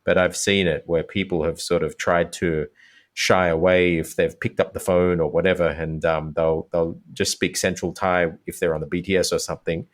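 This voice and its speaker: A man with a notably deep voice talks through language quirks as a podcast guest. His delivery is animated and loose, and he slips into short acted-out examples mid-thought. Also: normal speed. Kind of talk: casual interview chat.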